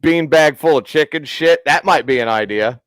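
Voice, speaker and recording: A man's voice: a little high, normal speed, fairly bright tone, no room sound. A man hosting a casual podcast, telling a long profane story and acting out the quotes. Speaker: podcast host.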